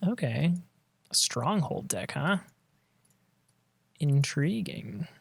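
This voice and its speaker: A man's voice: a little high, very animated, slow pace, gravelly, husky, no room sound. A man giving casual commentary on his own card game match, thinking aloud and trailing off mid-sentence, on a close desk mic.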